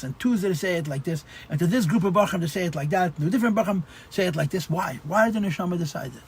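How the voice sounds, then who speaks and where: Gravelly husky rabbi expounding Chassidus. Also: male voice, high voice. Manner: explanatory, repeats phrases, stammers restarts. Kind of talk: Torah class at a farbrengen.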